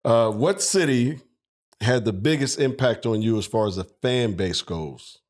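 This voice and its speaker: Guy hosting a podcast, average pitch, friendly, asks his guest questions. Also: animated, measured pace, darkish tone. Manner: friendly, calls the guest little brother. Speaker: podcast host. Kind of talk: interview questions.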